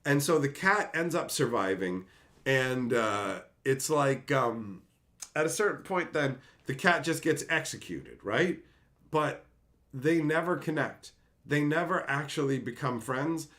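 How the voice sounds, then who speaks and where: A man's voice: medium pitch, expressive, unhurried, a bit bright. A man casually ranting on a livestream, reading chat aloud, laughing and swearing as he gets worked up.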